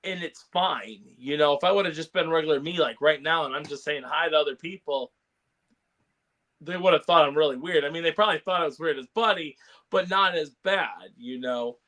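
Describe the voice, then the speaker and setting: A man's voice: on the high side, fairly quick, a bit bright. A man co-hosting a casual podcast chat, rambling with lots of fillers and laughs. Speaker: podcast co-host.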